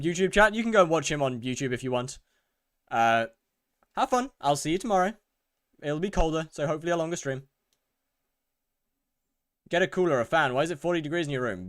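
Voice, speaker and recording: Man, game streamer, casual chat, reads chat aloud, repeats himself, overheated, mid pitch, dry close sound. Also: fairly bright tone, no room sound. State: overheated and sweaty. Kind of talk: casual live-stream chat while gaming. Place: hot room in a house.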